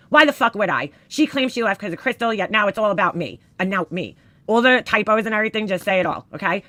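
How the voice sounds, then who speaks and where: A woman reading screenshots aloud in casual commentary, profane and exasperated, giving the quoted lines loud emphasis. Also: medium pitch, no echo.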